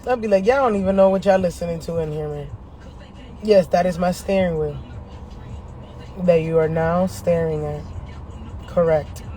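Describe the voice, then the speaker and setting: A man's voice: sits high, normal speed, long pauses. A man chatting casually to camera from his car, telling stories in a profane, slangy way and laughing often. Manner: animated, profane, slangy storytelling; laughs often between lines. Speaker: astrology vlogger. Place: inside a parked car.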